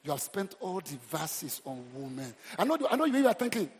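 A man's voice: fairly high pitch, brisk, husky. A middle-aged Nigerian man preaching a humorous, exhorting sermon as pastor. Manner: animated, humorous, exhorting the crowd. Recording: reverberant hall.

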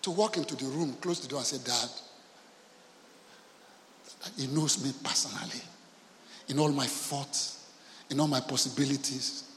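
A man preaching a sermon as pastor, telling stories and acting out the voices in them, swinging from soft, hushed lines to loud shouts. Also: medium pitch, normal speed, pauses often, slight background noise. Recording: long hall reverb.

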